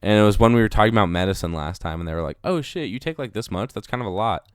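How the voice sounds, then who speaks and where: A young man rambling hesitantly, lively pitch. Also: racing, clear, resonant tone, dry recording, studio quality. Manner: hesitant, rambling, full of "like", trailing off softly. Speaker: podcast co-host. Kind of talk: casual podcast chat.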